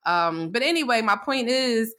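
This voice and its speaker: A woman co-hosting a casual talk show, telling a story candidly, swearing freely and acting out what people said, often laughing. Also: moderate pace. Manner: laughs often, pitch jumps up when excited. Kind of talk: casual chat.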